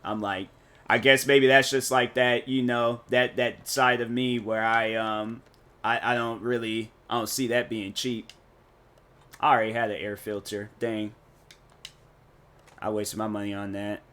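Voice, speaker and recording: Bright-voiced man rambling on stream. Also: lowish voice, flat delivery, a little slow. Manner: rambling, slangy and joking. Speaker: gaming streamer. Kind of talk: casual live-stream chat while playing.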